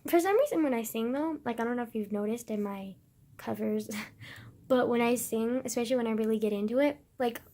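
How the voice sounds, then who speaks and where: Young woman rambling on her vlog, lots of swearing, slightly high voice. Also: brisk, dark tone. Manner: rambling, swears a lot, drifts into whispers. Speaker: vlogger.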